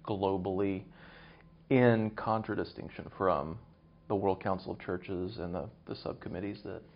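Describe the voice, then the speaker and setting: A man speaking as an interview guest, measured and academic, thinking aloud as he explains. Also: sits low, steady tone, a little hiss or hum. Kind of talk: conversational interview. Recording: dull lo-fi recording.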